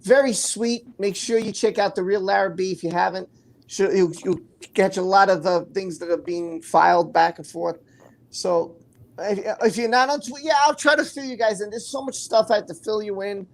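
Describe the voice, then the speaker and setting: A woman with a New York accent hosts a relaxed livestream, talking loosely and reading out viewers' comments. Her voice sits at a middle pitch, neither high nor low. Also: moderate pace. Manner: chatty, reads viewer comments aloud, laughs easily. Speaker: host. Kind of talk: casual livestream chat.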